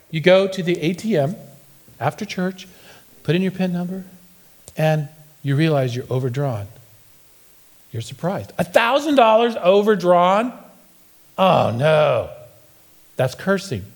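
A pastor in middle age, with a fairly high pitch and a dark tone, preaches a lighthearted sermon from the church sanctuary. He tells playful stories and acts out quotations along the way.

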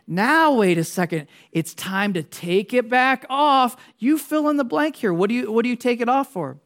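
A man's voice: very high-pitched, lively intonation, moderate pace, a bit bright. A man preaching a sermon as a pastor. He talks conversationally, asks the congregation questions and jokes his way through tangents. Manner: casual, joking, wanders into tangents.

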